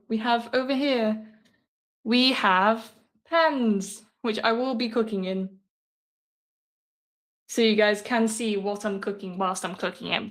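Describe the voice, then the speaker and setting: Chatty young woman streaming from an echoey kitchen. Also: a little high. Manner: chatty, giggly, rambling asides to chat. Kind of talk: casual live-stream chat while cooking. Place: home kitchen. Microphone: phone mic, moving around away from it. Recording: echoey room audio.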